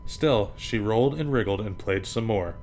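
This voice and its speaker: A man hosting a podcast, reading children's picture books aloud in an animated way and acting out the sound effects. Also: fairly low pitch, moderate pace, slight background noise.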